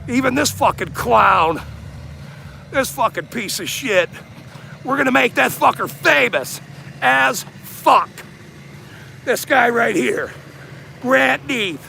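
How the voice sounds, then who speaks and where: A man livestreaming outdoors in a parking lot on a handheld camera, taunting people, shouting insults and laughing often. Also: very high voice, lively intonation, slow pace, gravelly, pauses often, slight background noise. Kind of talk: livestream rant.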